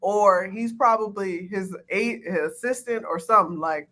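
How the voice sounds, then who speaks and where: A woman's voice: medium pitch, moderate pace, sharp tone. A woman co-hosting a podcast in casual chat, emphatic and blunt with plenty of profanity. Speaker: podcast co-host.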